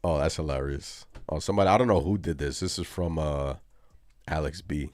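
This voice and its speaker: A man hosting a live postgame sports reaction show, animated and ranting as he talks to his viewers. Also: a bass voice, fairly quick, no room sound, clean studio sound. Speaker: sports podcast host.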